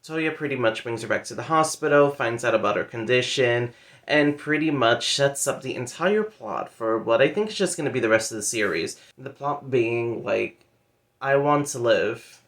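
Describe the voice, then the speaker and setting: This book vlogger's voice is medium-pitched and fairly bright, moving at a moderate, animated clip. Doing a relaxed monthly reading roundup, he retells a story loosely, full of playful asides and chatty fillers such as "like" and "pretty much."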